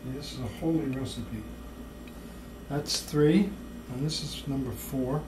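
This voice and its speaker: A home cook talking through baking in a slow, whimsical, playfully mock-serious way in a kitchen. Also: medium pitch, reverberant, noisy background. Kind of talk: playful cooking video banter.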